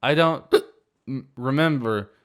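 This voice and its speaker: Male narrator doing a high, whiny drunk party girl in a story reading, loud and rude. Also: slow, clear, resonant tone. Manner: slurring, whiny, shrill outbursts.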